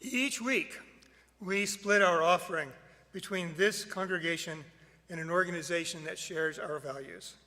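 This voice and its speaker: A man leading a worship service, reading opening words and the offering in a measured, deliberate way. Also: high-pitched, bright, forceful tone, big-room sound. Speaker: worship leader. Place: sanctuary.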